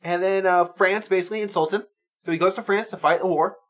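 A man co-hosting a podcast, chatting casually about movies, animated and swearing freely as he retells scenes. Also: sits high, fast talker. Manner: animated, swears freely, acts out quotes in silly voices. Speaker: podcast co-host. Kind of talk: casual movie review chat.

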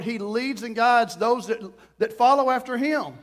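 A middle-aged man preaching a sermon, telling a story with lively, acted-out quotes and sudden outbursts. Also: very high-pitched, unhurried. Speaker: pastor.

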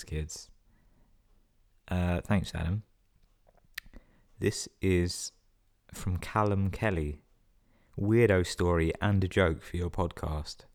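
A man with a very low, deep voice reads listener stories on his podcast. He keeps cutting in with sweary, sarcastic jokes between the sentences. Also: darkish tone. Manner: sweary, sarcastic running commentary. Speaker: podcast host. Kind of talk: reading listener emails with comic asides.

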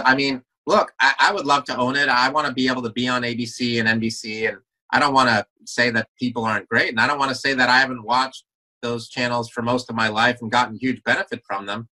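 A man's voice: medium pitch, fairly even intonation, fast talker, sharp tone, rough recording. A man talking earnestly as a podcast guest in a casual interview, often repeating words as he restarts his sentences.

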